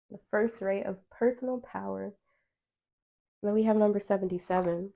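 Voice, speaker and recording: A woman's voice: mid-range voice, steady tone, moderate pace, creaky, warm tone. A woman doing a pick-a-card tarot reading to camera. She talks directly to her viewers in a chatty, encouraging way and reads card meanings aloud. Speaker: tarot reader.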